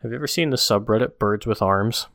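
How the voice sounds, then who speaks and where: A man co-hosting a podcast in casual chat, relaxed and chuckling, reading comics aloud. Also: on the low side, fast, vocal fry, no echo, clean studio sound. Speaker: podcast co-host.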